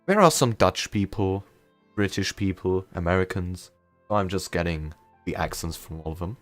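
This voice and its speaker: A young man with a deep voice and a slight German accent chats casually during a live game stream, rambling a bit and often poking fun at himself. He talks at a moderate pace, with faint music behind him and no room sound.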